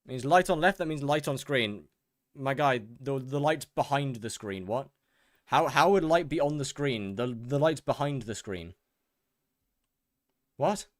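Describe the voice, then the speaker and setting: A man's voice: medium pitch, animated, moderate pace, dry recording, clean studio sound. A man streaming a game live, reading out chat questions and answering them in a casual, repetitive way while overheated and sweaty. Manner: reads chat questions aloud and answers, repeats phrases. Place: hot room in a house.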